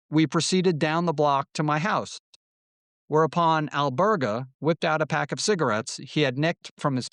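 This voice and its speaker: A man's voice: fairly high pitch, a bit bright, no echo, clean studio sound. A man narrating his own memoir in a wry storytelling manner, now and then voicing quoted lines. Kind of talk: audiobook memoir reading.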